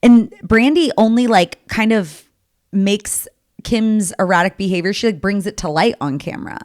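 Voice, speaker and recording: A young woman with a mid-pitched voice co-hosting a casual podcast. She gives her opinions emphatically, agrees readily and fills her talk with "like". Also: normal speed, a little mellow. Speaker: podcast co-host. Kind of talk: casual chat recapping reality TV.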